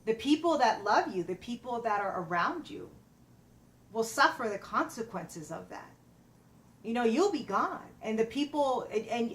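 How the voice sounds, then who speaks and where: A middle-aged woman, a personal trainer, telling a personal story in a halting, emotional way with many fillers and restarts. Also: medium pitch, fairly bright tone, slight background noise.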